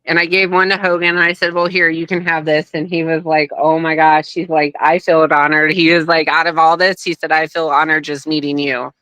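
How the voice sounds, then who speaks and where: Bright, smooth-voiced woman telling a story. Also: sits low, fairly quick, hardly any pauses, no echo, low-quality recording. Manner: animated, acts out quoted voices. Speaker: guest, wrestler's daughter. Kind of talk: casual storytelling.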